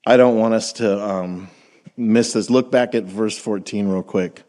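A man preaching a sermon in a relaxed, conversational way, reading scripture and asking the congregation questions. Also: lowish voice, unhurried. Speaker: pastor.

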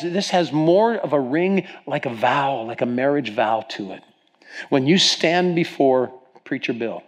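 A middle-aged man from Ohio preaching a sermon, telling stories earnestly with frequent restarts and stammers. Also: mid-range voice. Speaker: pastor.

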